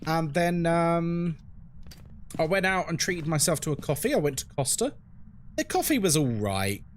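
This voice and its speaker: A man's voice: fairly high pitch, very animated, normal speed, a little hiss or hum. A man with a London accent, chatting frankly on a live game stream and answering his chat as he plays. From England.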